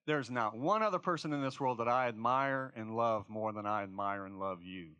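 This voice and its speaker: A man's voice: mid-range voice, normal speed, pushed and bright, smooth, dry recording, highs cut off, natural voice. Blunt elderly Southern granny, proud and candid; a male preacher's retelling. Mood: tender. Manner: frank, insistent.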